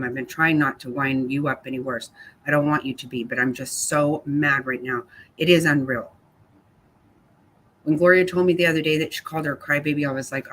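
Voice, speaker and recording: A woman's voice: sits low, steady tone, brisk, a bit bright, a little hiss or hum. A woman hosting a casual livestream, answering viewers by name in a blunt, angry way and swearing freely. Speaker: livestream host reading chat. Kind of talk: casual live chat commentary.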